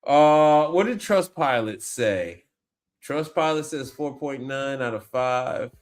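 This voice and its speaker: A man hosting a casual livestream, talking in an animated, slangy way, exclaiming and repeating himself as he reacts. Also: medium pitch, slow pace. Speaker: appliance repair tech livestream host. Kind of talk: casual livestream chat while browsing online.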